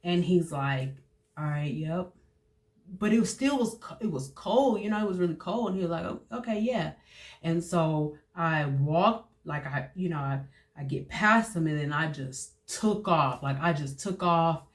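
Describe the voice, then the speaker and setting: A young adult woman hosting her own show, telling her personal story in a halting, emotional way with many fillers and restarts. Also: low voice. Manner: emotional, voice dropping at times. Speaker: host sharing personal testimony. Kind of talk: personal testimony monologue.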